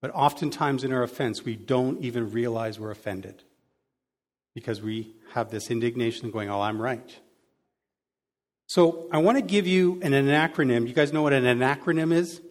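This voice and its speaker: A man preaching a sermon in a conversational way, adding lively sound effects to his examples. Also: medium pitch, normal speed. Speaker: pastor. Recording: long hall reverb.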